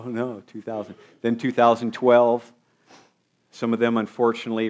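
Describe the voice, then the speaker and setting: A man's voice: fairly low pitch, darkish tone. A man preaching a sermon as pastor, asking his congregation rhetorical questions.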